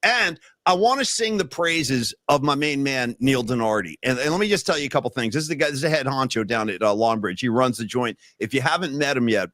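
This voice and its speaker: A man co-hosting a casual sports podcast, talking in an excitable, joking way, full of asides. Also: medium pitch, fairly quick, few pauses, no echo, clean studio sound. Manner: excitable, jokey, puts on drawling impressions. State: winded. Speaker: podcast co-host.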